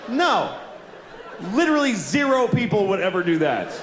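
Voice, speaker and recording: A man performing stand-up, ranting at himself and breaking into shouts. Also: high voice, very animated, normal speed, some chatter behind. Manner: self-mocking rant, bursting into shouts. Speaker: stand-up comedian. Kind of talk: stand-up comedy routine. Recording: echoey live room with noise.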